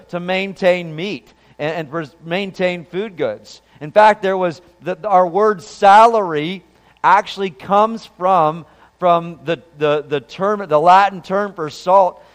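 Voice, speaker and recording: A man's voice: high voice, in a large hall. A man preaching a sermon as pastor, talking in a conversational way and asking the congregation questions. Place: church sanctuary.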